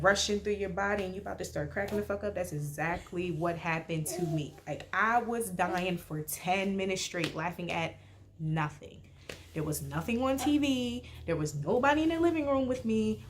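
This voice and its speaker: Young woman vlogger, casual storyteller, slangy and animated, faint room noise. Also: medium pitch, normal speed. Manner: slangy, animated, heavy use of "like".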